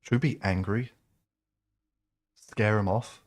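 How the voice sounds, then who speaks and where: A man's voice: fairly low pitch, steady tone, slow. A man casually commenting while playing a game, joking and talking himself through his choices. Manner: joking, self-amused, talks to himself. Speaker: streamer.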